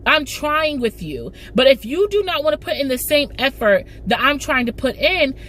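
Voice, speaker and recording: A woman's voice: very animated, normal speed, a bit bright, slight background noise. A woman acting out a hurt young woman pleading. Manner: pleading, raised pitch.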